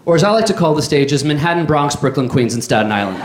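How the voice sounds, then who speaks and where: Deadpan New comic in a roomy club. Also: male voice, a little high, quick pace, heavy background noise. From New York. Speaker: stand-up comedian. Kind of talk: stand-up comedy set. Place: comedy club stage. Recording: echoey club with crowd. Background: audience laughter.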